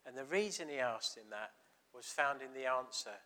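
A man's voice: mid-range voice, expressive, normal speed, sharp tone. A man preaching a chatty, storytelling sermon, acting out quoted dialogue.

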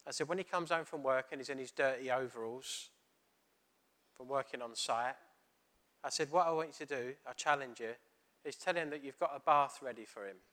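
A man's voice: medium pitch, brisk. A middle-aged man giving a sermon, telling a story and acting out the dialogue. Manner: storytelling, animated, retelling dialogue. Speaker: preacher.

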